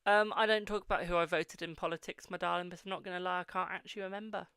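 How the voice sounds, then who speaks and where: A British man with a slightly high, gravelly voice gives a live-stream tarot reading. He is affectionate and repetitive, calling his viewers darling and echoing his own phrases. The sound is dry and close. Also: fairly even intonation, quick pace, bright, forceful tone. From United Kingdom.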